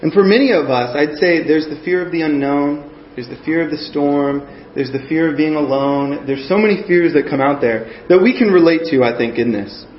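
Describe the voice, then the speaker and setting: A man's voice: on the high side, normal speed, few pauses, a little hiss or hum. A man giving a conversational sermon, earnest and often checking in with his listeners. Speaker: preacher. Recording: echoey muffled room recording.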